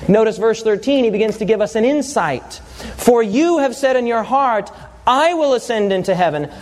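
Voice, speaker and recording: A man's voice: high voice, normal speed. A man preaching a sermon to a congregation, telling stories with humor and asking the audience to answer back. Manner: animated storytelling with audience call-and-response.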